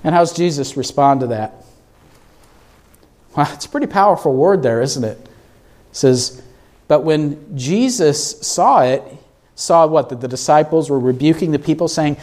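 A man's voice: fairly high pitch, normal speed. A man preaching a sermon as pastor in a church, asking the congregation questions as he goes. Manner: asks the congregation questions, animated.

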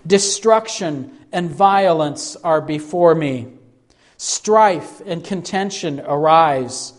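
A man preaching a sermon, slow and emphatic, pleading through rhetorical questions. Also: on the high side, expressive. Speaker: pastor.

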